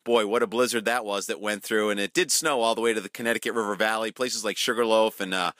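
A man's voice: on the low side, fairly even intonation, fast, fairly bright tone, no room sound, clean studio sound. A man giving a folksy, emphatic weather outlook for ski season. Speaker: weather forecaster. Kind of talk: casual weather report.

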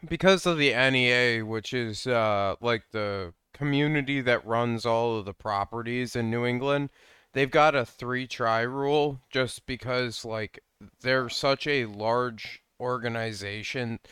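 A man's voice: medium pitch, a little slow, fairly bright tone, smooth, no room sound, clean studio sound. A man co-hosting a podcast, easygoing and teasing in casual chat. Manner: easygoing, teasing, laughs along. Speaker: podcast co-host.

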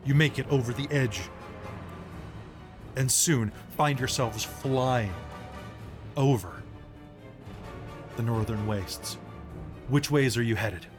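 A man running a tabletop game as game master, narrating with a relaxed, descriptive manner and some fillers. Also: mid-range voice, takes it slowly, pauses often, music in the background.

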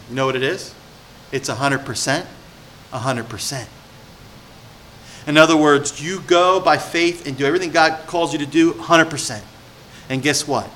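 A male pastor with a bright, fairly high voice preaches in a conversational sermon style. He drops to a near-hush for his personal story, then builds to emphatic, rapid-fire exhortations. A faint hiss of room ambience sits behind him.

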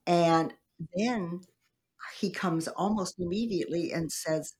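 A woman's voice: lowish voice, slow pace, darkish tone, breathy edge. A middle-aged woman minister, a guest giving an earnest faith testimony in an interview. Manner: earnest storytelling with quoted prayers.

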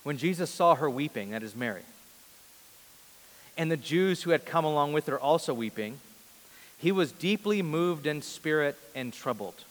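A man in his thirties preaching a sermon before a large congregation, earnest, moving between loud emphasis and soft, hushed lines. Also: on the high side. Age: 30s. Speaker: pastor. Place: large church hall before a big congregation. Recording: long reverb of a large hall.

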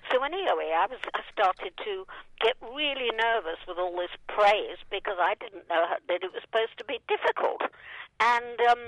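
Older woman, guest actress, rambling storyteller, animated pitch, dry close sound. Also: normal speed, no room sound, rough recording. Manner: rambling with frequent fillers and laughs. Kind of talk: anecdotal interview storytelling.

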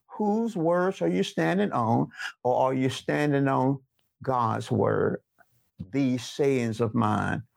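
A man's voice: mid-range voice, gravelly, no echo, studio quality. A man preaching a sermon, repeating key statements emphatically and asking listeners to say them back after him. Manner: repetitive, emphatic call-and-response preaching. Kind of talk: sermon teaching.

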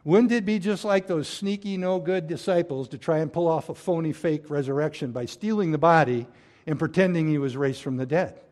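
Fairly high-voiced man preaching emphatically. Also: a little fast. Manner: emphatic preaching, swinging between loud stresses and hushed drops. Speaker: pastor. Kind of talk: sermon.

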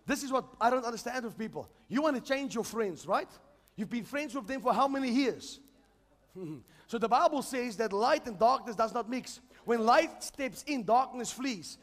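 High-voiced fervent male preacher. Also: long reverb tail. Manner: fervent, calls congregation to repeat after him. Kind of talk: sermon.

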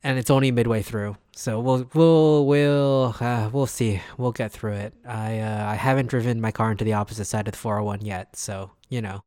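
A man's voice: fairly low pitch, steady tone, fairly quick, few pauses, a little mellow, dry recording, clean studio sound. A young man in a casual podcast chat, joking and laughing often. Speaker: podcast co-host.

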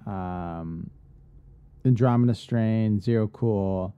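A man co-hosting a podcast in casual chat, getting animated and swearing freely as he rants. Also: on the low side, slow, smooth, phone-quality sound. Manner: animated, profane ranting. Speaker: podcast co-host.

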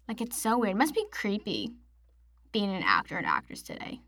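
A woman's voice: medium pitch, wildly swooping pitch, brisk, bright, forceful tone, no room sound, studio quality. A young woman from Massachusetts hosting her own podcast, chatting casually and rambling with lots of "like". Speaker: podcast host. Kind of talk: casual solo podcast chat.

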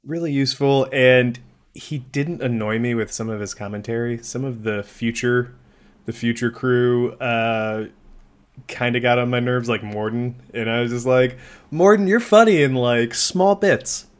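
A man's voice: medium pitch, fairly even intonation, moderate pace, clear, resonant tone. A man co-hosting a podcast in casual chat, rambling with restarts and easy laughter. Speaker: podcast co-host.

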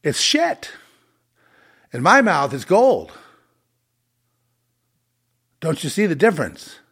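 A man's voice: fairly high pitch, wildly swooping pitch, slow pace, a bit bright, breathy edge. A man hosting his own podcast, delivering an angry, profane and sarcastic solo rant. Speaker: podcast host.

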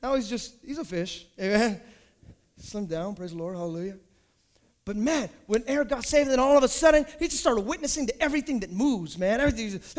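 A man pastor, telling stories in a sermon and building up to shouted preaching. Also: very high-pitched, lively intonation, fast.

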